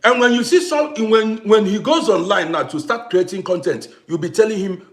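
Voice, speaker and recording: Animated, emphatic man in a roomy space. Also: high voice, moderate pace, few pauses. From Africa. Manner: animated, emphatic, repeats himself, greets viewers by name. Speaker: live-stream host. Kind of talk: casual live-stream talk to viewers. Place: home in Vienna.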